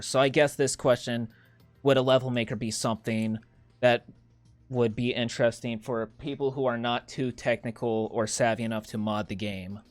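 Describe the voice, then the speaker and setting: A man interviewing a game developer, asking questions in an excited, chatty way and laughing often. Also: medium pitch.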